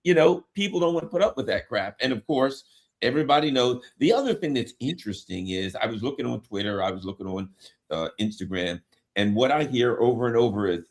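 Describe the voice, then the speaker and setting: A man's voice: mid-range voice, animated, brisk. A man hosting a political talk show, talking conversationally and walking through numbers.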